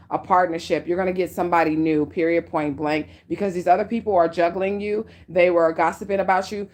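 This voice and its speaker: A woman giving a casual tarot reading at home. She talks bluntly and swears, and she drives her points home with "okay?" and "period". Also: on the low side. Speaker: tarot reader. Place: at home near a window.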